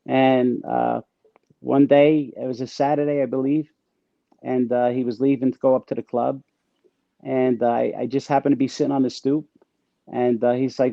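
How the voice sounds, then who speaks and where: A man with a gravelly, creaky voice sits as an interview guest and tells stories in a casual, streetwise way. He stumbles and restarts mid-sentence. The recording is dull and lo-fi, with a dry, close sound. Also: medium pitch, flat delivery, moderate pace, no room sound. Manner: streetwise slang, stammering restarts. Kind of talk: casual storytelling.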